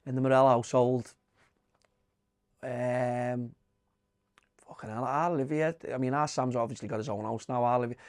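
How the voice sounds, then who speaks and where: An older man with a Liverpool accent, co-hosting a casual podcast chat, swearing freely and telling animated stories. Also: medium pitch, normal speed, pauses often, clear, resonant tone, dry recording, studio quality. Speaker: podcast co-host.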